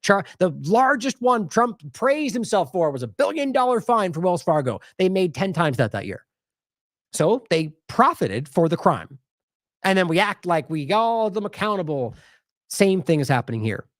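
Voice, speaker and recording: Man, news commentary host, high voice, swooping and indignant, dry close sound. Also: normal speed, no room sound. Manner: animated, indignant, sarcastic asides. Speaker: independent news show host.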